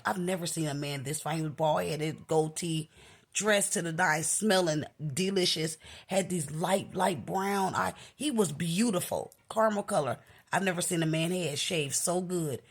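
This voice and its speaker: A woman with a naturally scratchy, gravelly voice, a little low for a woman and noticeably husky. She tells a personal story in a loose, chatty vlog style, and her pitch leaps up when she quotes her own reactions. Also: normal speed. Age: adult, married. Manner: animated, jumps up high when quoting herself. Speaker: vlogger. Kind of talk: casual storytelling.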